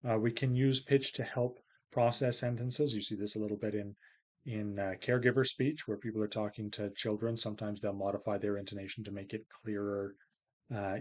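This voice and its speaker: A man's voice: medium pitch, a little mellow. A man giving a recorded lecture in a casual, explanatory way, with frequent fillers and small restarts.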